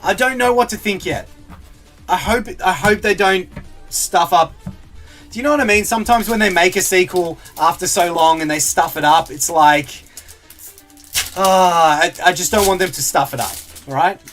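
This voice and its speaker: A man with a high, light voice chats away casually on a live stream while he opens card packs. He reads out viewer comments and laughs easily, with faint music playing behind him. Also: moderate pace, a bit bright. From Australia. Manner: chatty, laughs a lot, reads out chat comments.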